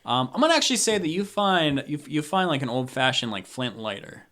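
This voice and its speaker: A man's voice: on the high side, big pitch swings, fairly quick, a bit bright. A young man narrating as game master of a tabletop game, talking loosely with many fillers.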